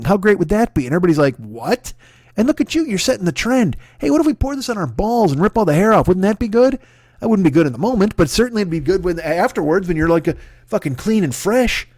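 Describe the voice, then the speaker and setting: A man hosting a comedy podcast in a profane solo rant, full of stammering restarts. His voice sits high for a man. The sound is close and dry, with no room in it. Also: darkish tone, no echo. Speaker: podcast host.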